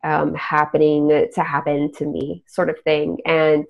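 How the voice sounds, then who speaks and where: A woman's voice: deep voice, completely flat delivery, a little slow, vocal fry. A young adult woman hosting a podcast, telling a spooky story in casual chat. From Texas. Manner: storytelling, trailing off. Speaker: podcast host. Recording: dull lo-fi recording.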